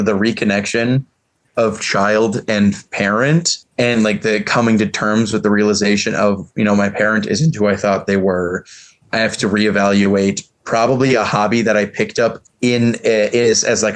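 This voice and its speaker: A man co-hosting a casual discussion, arguing his point emphatically. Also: fairly low pitch. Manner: emphatic, argumentative. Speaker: podcast co-host.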